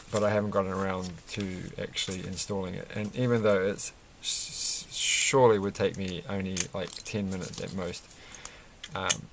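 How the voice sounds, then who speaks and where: A man's voice: deep voice, creaky, a little hiss or hum. A man chatting casually and rambling as he builds a Lego set at his desk, with lots of fillers and restarts. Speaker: Lego reviewer. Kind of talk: casual chat while building.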